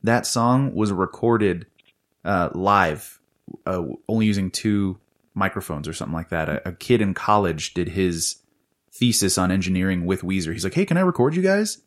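Podcast co-host, man, very low voice, explains facts in a chatty way. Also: steady tone, moderate pace. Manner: trivia-sharing, explanatory. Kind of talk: casual chat.

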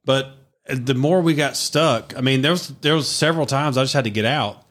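A man's voice: medium pitch, normal speed, a bit bright. Earnest man telling a story. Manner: earnest, emphatic storyteller with a Southern turn of phrase. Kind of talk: casual storytelling chat.

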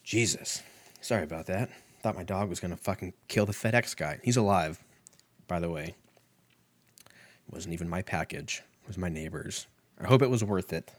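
Low-voiced profane man rambling. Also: normal speed, long pauses, dry recording. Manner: crude, profane, self-mocking, tangent-prone. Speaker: podcast host. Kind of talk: rambling casual monologue.

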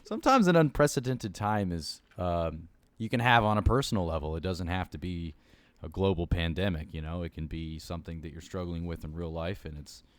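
A man's voice: low voice, brisk, no room sound. A man co-hosting a podcast in easygoing casual chat, often searching for words with fillers. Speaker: podcast co-host.

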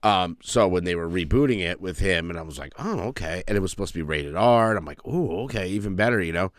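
A man co-hosting a casual podcast, chatty and quick to laugh, swearing now and then. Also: deep voice, no echo, studio quality. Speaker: podcast co-host. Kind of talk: casual chat.

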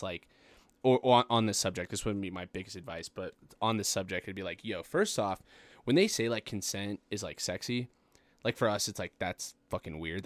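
A man's voice: on the low side, dry recording. A young man hosting a casual podcast, rambling with lots of filler words and swearing. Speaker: podcast host.

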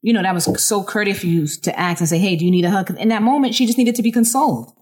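A woman in a casual podcast chat who speaks in a warm, affirming way. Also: mid-range voice, fast talker. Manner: warmly affirming.

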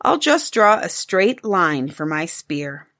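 A woman's voice: on the low side, very animated, slow pace, fairly bright tone, exaggerated voice. A woman voicing a patient, playful cave-man father who explains things, in a storybook reading.

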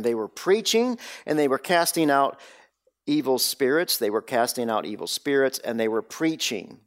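A man preaching a sermon, telling the story with dramatic swings between loud bursts and hushed, low lines. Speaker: pastor.

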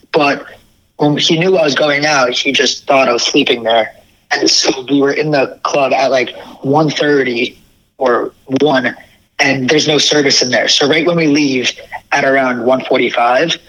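A young man telling a family story in a casual, animated way, acting out the quoted dialogue. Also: medium pitch, poor audio.

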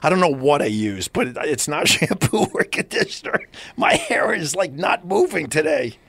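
A man's voice: fairly high pitch, sing-song, moderate pace, fairly bright tone, no room sound. A man co-hosting a podcast in casual chat, teasing and swearing. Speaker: podcast co-host.

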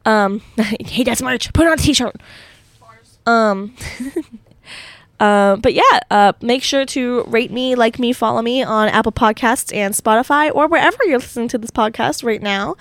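A woman's voice: on the high side, unhurried, a bit bright, no room sound. A young woman hosting a solo podcast from her college dorm room, telling a rambling, giggly story full of fillers. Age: young adult. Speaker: podcast host.

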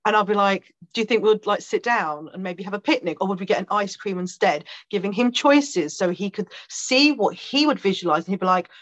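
A woman guest on a podcast telling a personal story in a chatty, animated way, with fillers and quick laughs. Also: medium pitch. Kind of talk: conversational storytelling.

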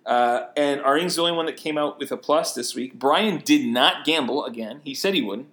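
A man co-hosting a laid-back sports podcast. His voice sits a touch high, and he talks in loose, chatty runs. He laughs often and rattles off names and numbers. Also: normal speed, fairly bright tone. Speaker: podcast co-host. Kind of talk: casual sports podcast chat.

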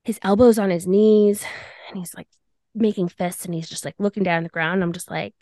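A woman's voice: mid-range voice, fairly quick, dry recording, studio quality. A young woman hosting a podcast, casually telling a personal story and acting out the dialogue. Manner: animated, acts out dialogue in quotes. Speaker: podcast host.

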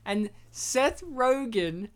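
A woman's voice: fairly high pitch, expressive, extremely slow. A woman from Poland, co-hosting a casual film chat, joking and laughing often as she acts out scenes. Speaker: podcast co-host. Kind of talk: casual chat about films.

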